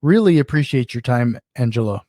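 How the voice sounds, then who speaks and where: A man's voice: medium pitch, expressive, fairly quick, dark tone, dry recording, clean studio sound. A man hosting an interview, introducing his guest and asking brief, friendly questions. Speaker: podcast host.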